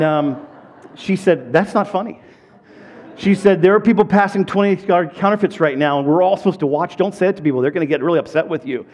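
Middle-aged male pastor, higher voice. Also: a little mellow. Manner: conversational storytelling, repeats words when building up. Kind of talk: sermon. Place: church.

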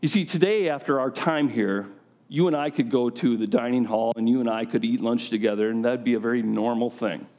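A man delivers a sermon to a gathering of men, his voice sitting at an ordinary mid pitch. He talks conversationally, drawing his listeners in with frequent direct questions. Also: brisk, warm tone. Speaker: preacher.

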